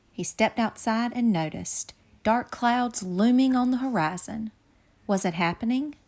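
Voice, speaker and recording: A woman reading a children's picture book aloud with dramatic, suspenseful narration. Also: medium pitch. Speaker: storyteller. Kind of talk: storybook read-aloud.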